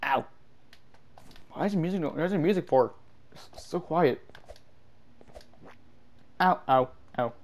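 A man giving casual gameplay commentary, excitable and yelping at every mishap, with a stuffy nose. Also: a little high, slow pace, long pauses. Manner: excitable, yelps and shouts at mishaps. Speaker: gaming YouTuber.

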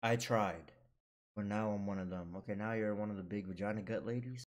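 A young man giving crude, joking commentary on a horror game, mock-scolding the screen and breaking into sudden high yelps when startled. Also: steady tone, fairly quick, a little hiss or hum. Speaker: gaming YouTuber.

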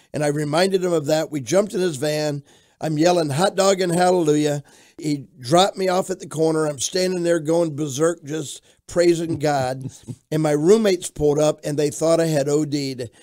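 An older pastor from Florida, telling his life story in an interview with an animated storytelling manner. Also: fairly high pitch. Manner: animated storyteller who shouts out quoted lines.

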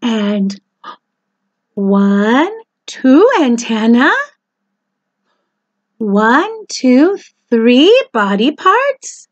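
Slow, sing-song preschool teacher woman. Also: high voice, sing-song, dry recording. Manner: slow, exaggerated, sing-song teacher delivery with gasps and oohs. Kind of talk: children's phonics lesson.

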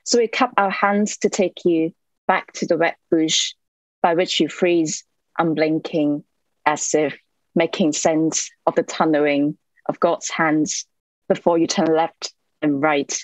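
Woman w/ local doing a poetry reading, low voice, dry close sound, lots of ums in between. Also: steady tone, no echo, low-quality recording. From Hong Kong. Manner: measured recital, hesitant "um" fillers when chatting. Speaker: poet. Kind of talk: poetry reading with short spoken introductions.

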